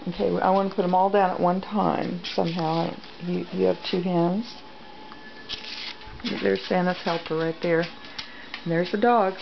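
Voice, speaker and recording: A woman's voice: medium pitch, slow pace, creaky, pauses often. A woman at home filming her dogs, cooing to them in sing-song baby talk. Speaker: dog owner filming her pets. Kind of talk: home video, talking to pets. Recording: dull lo-fi home video with background noise.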